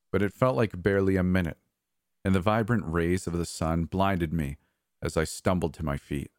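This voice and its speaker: A man reading a first-person horror story in a measured, somber way. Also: low voice, no room sound, studio quality. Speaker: narrator. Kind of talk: scripted horror narration.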